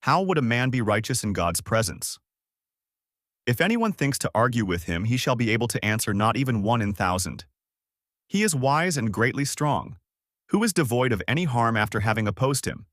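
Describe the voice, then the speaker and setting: A man's voice: mid-range voice, very animated, moderate pace, fairly bright tone, no room sound, clean studio sound. A man reading as a suffering man in lament.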